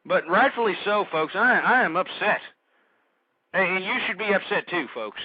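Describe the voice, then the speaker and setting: A man hosts an internet talk radio show in an angry, preachy rant. His high voice keeps stumbling into repeated words as he works himself up. The sound is dry and dull, with a lo-fi, muffled tone. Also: lively intonation, normal speed, husky, no echo. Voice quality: stammering, repeats words when worked up. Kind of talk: ranting talk radio monologue.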